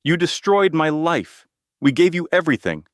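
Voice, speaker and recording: A man voicing an enraged, disgraced young husband who yells in a high, strained voice. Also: expressive, normal speed, dry recording, clean studio sound, lightly acted. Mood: furious.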